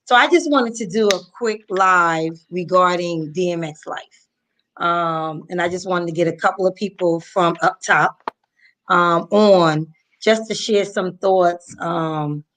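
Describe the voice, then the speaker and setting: A woman from New Jersey hosting a live online talk, speaking casually and warmly with many pauses and ums over a video call. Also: on the low side, slight background noise. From Paterson, New Jersey, US. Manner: soft-spoken, many ums, heartfelt. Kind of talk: casual live-stream chat.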